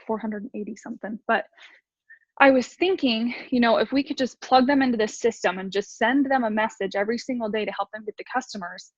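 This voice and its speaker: A woman team leader talking fast and rambling with lots of fillers, sharing sales tips on a video call. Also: fairly high pitch, no room sound. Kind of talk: casual video call talk. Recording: dull video call audio.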